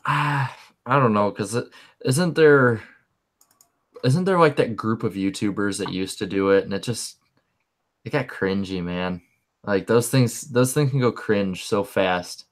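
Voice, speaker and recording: A young man co-hosting a podcast, talking casually and animatedly, rambling and repeating words when he gets excited. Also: lowish voice, unhurried. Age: young adult. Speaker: podcast co-host. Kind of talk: casual chat.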